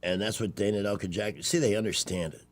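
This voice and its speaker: Man, radio host, low-pitched, opinionated, sarcastic, casual call-in chat. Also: fairly even intonation, fast talker, a little hiss or hum. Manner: opinionated, sarcastic political asides. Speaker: radio talk show host.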